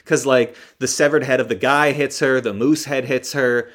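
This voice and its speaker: A podcast host recaps a movie in a casual, rambling, joking way, full of ums and correcting himself as he goes. His mid-range voice is steady in tone and a bit bright, at a moderate pace.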